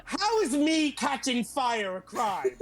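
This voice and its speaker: Brief: vain female bard, voiced by a man, high voice, big pitch swings, indignant. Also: sing-song, slow, over music, full character voice. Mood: protesting. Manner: dramatic, indignant protests.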